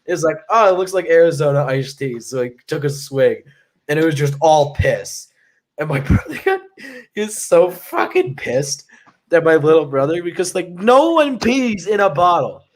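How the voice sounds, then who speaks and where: A man's voice: a little high, very animated, normal speed. A young man co-hosting a podcast, telling rambling stories to a live chat, swearing and packing his talk with fillers. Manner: rambling, profane, lots of "like" fillers. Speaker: podcast co-host. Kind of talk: casual storytelling to a live chat.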